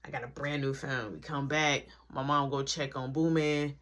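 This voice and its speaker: A man's voice: mid-range voice, moderate pace. A man telling a family story storytime-style, acting out every voice. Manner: animated, acts out every voice. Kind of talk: storytime vlog.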